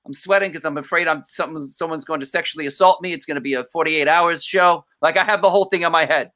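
Bright high-voiced male comedian. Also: fast talker. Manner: animated, acts out quoted voices. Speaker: stand-up comedian. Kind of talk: casual podcast storytelling.

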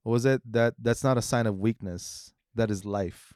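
A man's voice: mid-range voice, normal speed, a little mellow, smooth, no room sound, studio quality. A man co-hosting a podcast, talking in a rambling, reflective way with many restarts. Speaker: podcast co-host. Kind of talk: casual chat.

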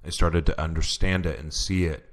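Male guest, very low voice, earnest testimony, halting storytelling. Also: steady tone. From Oklahoma. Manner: earnest storytelling, many restarts and fillers. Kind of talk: personal testimony in interview.

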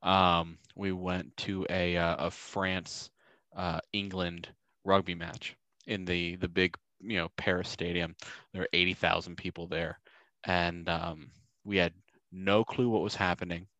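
Low-voiced man telling rambling stories. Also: level tone, measured pace, sharp tone, no echo. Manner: rambling storyteller, many ums, acts out quotes. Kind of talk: casual chat.

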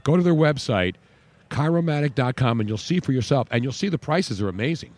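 A man's voice: mid-range voice, animated, a little fast, a little mellow, no echo. A man hosting a radio talk show, chatting and reading ads in an emphatic, repetitive way. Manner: chatty, emphatic, repeats words for stress. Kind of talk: casual sports talk with live ad reads.

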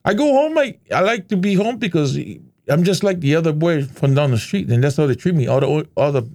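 A middle-aged man from Hawaii, telling stories as a guest in a relaxed, animated way. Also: a little high, a little fast. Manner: animated, laid-back storyteller who slips into voices. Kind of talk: casual interview storytelling.

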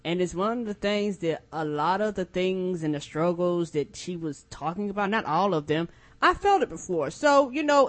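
A woman co-hosting a podcast in casual chat, expressive and blunt. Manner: expressive, swooping pitch, frank and blunt. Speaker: podcast co-host.

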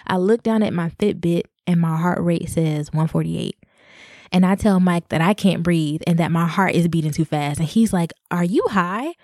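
Young woman podcaster, lower-pitched voice, dry close mic, chatty storyteller who laughs a lot. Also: normal speed, no room sound. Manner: animated, laughing often, addresses listeners as y'all. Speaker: podcast host. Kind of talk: casual storytelling.

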